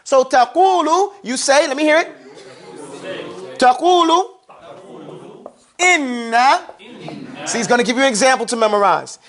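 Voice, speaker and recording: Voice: high-pitched, lively intonation, moderate pace, pauses often, a bit bright. A teacher giving a classroom grammar lesson, drilling students with playful call-and-response questions. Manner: playful, teasing.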